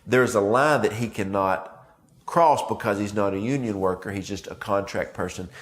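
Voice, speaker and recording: A man voicing a gruff, stubborn male warehouse worker in a low mutter. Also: moderate pace, lightly acted. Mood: taunting.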